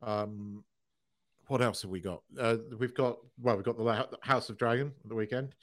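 A man's voice: mid-range voice, fairly even intonation, normal speed, a bit bright. A man co-hosting a podcast, chatting casually with frequent fillers and casual swearing. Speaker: podcast co-host. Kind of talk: casual chat.

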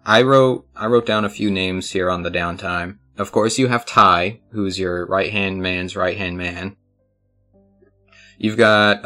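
A man's voice: on the low side, fairly bright tone. A man narrating as game master of a tabletop game, talking casually to the players with lots of fillers.

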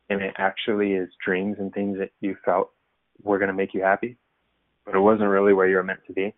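This pastor's voice sits fairly low, and there's no echo on the tinny, phone-like, dry recording. His sermon is casual and chatty, self-deprecating and full of filler words.

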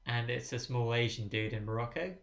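A woman's voice: very deep voice, fairly quick. A woman co-hosting a podcast, chatting casually and teasing with pointed questions. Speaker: podcast co-host. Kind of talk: casual chat. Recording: echoey room.

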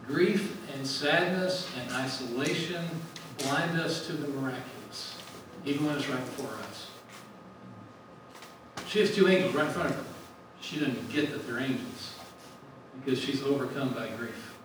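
A man's voice: medium pitch, moderate pace, background noise. Guy preaching, chatty q and a style, big echoey room, sounds far from the mic. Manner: conversational, asks questions and answers them. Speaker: speaker at a ministry gathering. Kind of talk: sermon.

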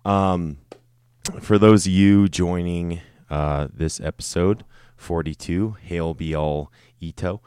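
Deep-voiced man rambling on his podcast. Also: slow pace, mellow, smooth. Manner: rambling, profane, joking. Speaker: podcast host. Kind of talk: casual solo podcast.

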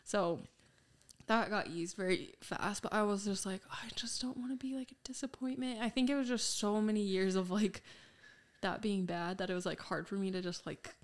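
A woman's voice: mid-range voice, moderate pace. A young woman co-hosting a podcast, telling a personal story in casual chat, full of fillers. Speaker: podcast co-host.

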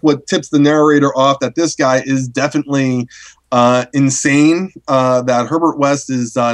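A man in casual conversation, recapping a story with many pauses, fillers and restarts. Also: mid-range voice. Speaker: podcast co-host discussing a story. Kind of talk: casual chat.

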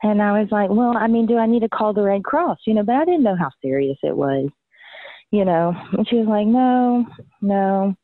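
A young adult woman gives personal testimony as an interviewee, halting and full of fillers and restarts. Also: medium pitch, expressive, no room sound. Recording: tinny phone-like line.

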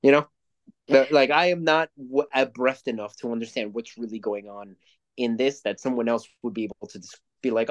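A young man rambles through movie reviews in casual podcast chat, swearing freely and getting animated as he tells a story. His voice sits at an ordinary middle pitch for a man. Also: fairly quick, muffled recording. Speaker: podcast co-host.

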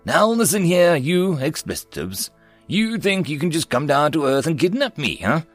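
A man voicing a huge, furious human captive who blusters and shouts at his alien captors. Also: fairly low pitch, huge pitch swings, slow pace, no room sound, soft background music, heavily acted. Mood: angry.

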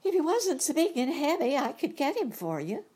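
A woman doing a high kind mother stork. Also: sing-song, normal speed, mellow. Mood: curious.

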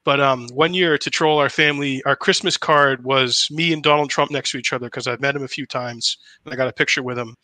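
A man's voice: medium pitch, steady tone, a little fast, hardly any pauses, bright, forceful tone, no room sound. A man hosting a stream, chatting casually and rambling with frequent stammered restarts. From New Hampshire. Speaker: stream host, impressionist. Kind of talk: casual chat.

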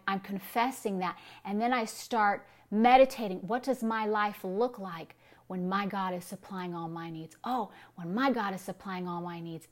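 A woman pastor giving a sermon, preaching emphatically with repetition and rhetorical questions. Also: medium pitch.

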